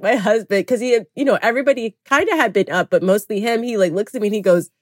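A woman's voice: medium pitch, fast, hardly any pauses, no echo, studio quality. A woman guest on a podcast, telling her own story in a candid, reflective way, with lots of "like" fillers. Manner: candid, reflective, heavy use of "like". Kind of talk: personal storytelling in a podcast interview.

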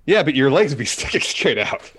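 A man's voice: fairly high pitch, very animated, fairly quick, fairly bright tone, a little hiss or hum. A man co-hosting a casual live show, trading dry jokes and opinions. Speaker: podcast co-host. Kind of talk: casual chat.

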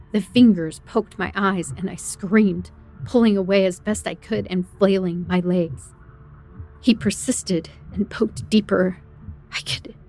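A woman's voice: mid-range voice, a little mellow. A woman narrating a first-person horror story in a tense, dramatic way.

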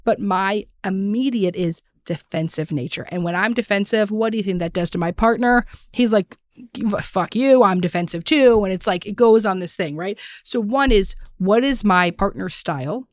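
A woman's voice: medium pitch, normal speed, few pauses, no room sound, clean studio sound. A woman hosting a conversational podcast, talking frankly and self-deprecatingly about her own experience, often acting out quoted voices. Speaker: podcast host. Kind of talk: candid conversational chat.

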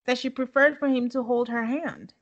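A woman's voice: fairly high pitch, steady tone, moderate pace, dull audio. A woman co-hosting a podcast in casual chat, laughing often and talking things through. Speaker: podcast co-host. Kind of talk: casual chat recapping a reality show.

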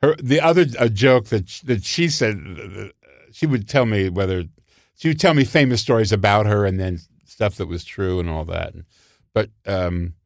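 An older man, a comedy writer, telling show-business anecdotes in casual conversation and jumping into high voices when he quotes people. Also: normal speed, gravelly, no room sound, studio quality.

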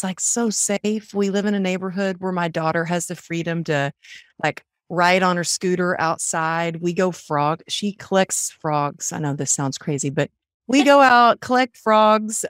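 A middle-aged woman from Texas tells her stories with lots of animation and breaks into the voices of the people in them. Her voice sits a little low. The recording is dry and close. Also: unhurried, clear, resonant tone, no room sound. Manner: animated storyteller, acts out quotes. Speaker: podcast guest, author and coach. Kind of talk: casual interview chat.

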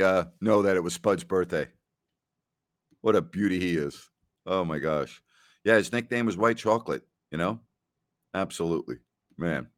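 Male host with a lowish voice, rambling and repetitive, dry close sound. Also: no room sound. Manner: rambling storyteller who repeats phrases and laughs often. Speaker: podcast host. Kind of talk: casual solo chat answering listener questions.

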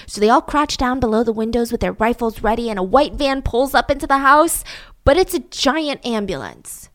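A woman telling a story in a casual, animated way with wry asides. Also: a little high, moderate pace.

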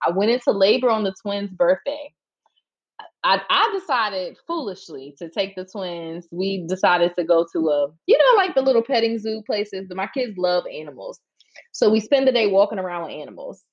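A woman who is a podcast guest, telling a personal story in a frank, animated, casual way, with slang and the odd swear word. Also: medium pitch. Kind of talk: candid storytelling in a casual interview. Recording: slightly dull, lo-fi podcast audio.

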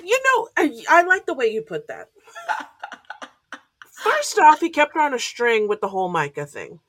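Expressive woman on a dry-sounding podcast. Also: high voice, moderate pace, dry recording. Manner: opinionated, laughs often. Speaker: podcast co-host. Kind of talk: casual recap chat.

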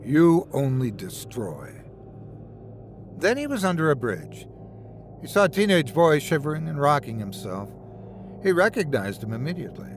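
Male horror narrator, measured and dramatic, slightly higher voice, animated pitch. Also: faint music behind.

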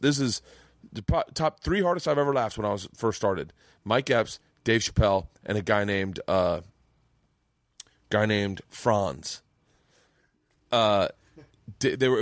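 A man hosting a casual podcast chat with a fellow comedian, telling stories in an animated, swearing way with stammering restarts. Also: lowish voice, no echo, studio quality. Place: home mancave.

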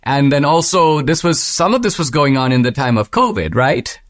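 A man's voice: fairly high pitch, animated, moderate pace. A man hosting an interview, asking questions in a conversational way and restarting as he frames them. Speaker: host.

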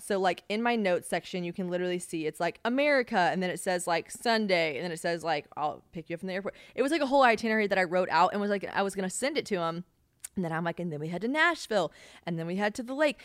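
A young adult woman hosting a podcast, telling a story in casual, profane, animated chat. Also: fairly low pitch, clean tone, dry recording, clean studio sound. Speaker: podcast host.

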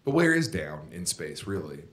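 A man's voice: low voice, very animated, moderate pace, fairly bright tone, breathy edge. A man co-hosting a podcast, teasing and joking sarcastically in casual banter. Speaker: podcast co-host.

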